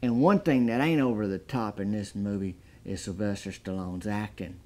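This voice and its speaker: A man giving a deadpan comedic movie review, talking in a folksy drawl and building up exaggerated hype. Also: lowish voice, moderate pace.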